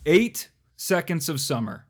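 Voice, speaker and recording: A man's voice: fairly high pitch, big pitch swings, unhurried, slight background noise. A man co-hosting a podcast in casual chat, rambling and self-deprecating, with lots of fillers. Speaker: podcast co-host.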